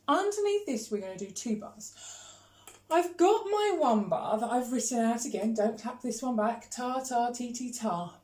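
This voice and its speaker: Woman, music teacher, encouraging, fairly high voice, echoey room. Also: darkish tone. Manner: encouraging, counts beats and chants rhythm syllables. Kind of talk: video music lesson.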